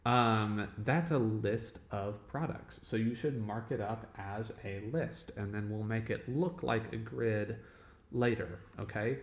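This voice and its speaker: A man's voice: lowish voice, slow pace. A man teaching a casual lecture, talking in a conversational way and often checking in with "okay?" and "right?". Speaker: web development instructor. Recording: echoey room.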